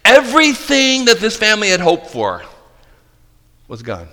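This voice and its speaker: A man preaches in a bright, ringing tone, his pitch swinging widely as he plays out scenes with dramatic flair. His voice sits a bit high for a man and carries a long reverb like a large church sanctuary. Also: wildly swooping pitch, a little slow. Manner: dramatic, voices disciples in mock disbelief, drops to quiet intensity. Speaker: pastor. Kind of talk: sermon.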